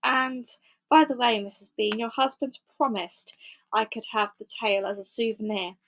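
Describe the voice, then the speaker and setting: A woman's voice: fairly high pitch, fairly even intonation, moderate pace, fairly bright tone. A woman doing a big eager servant woman.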